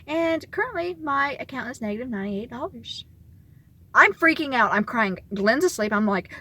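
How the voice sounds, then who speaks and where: A young woman tells a story on her vlog in an animated, excitable way. Her voice is bright and a little high, and she talks casually. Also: breathy edge. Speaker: vlogger.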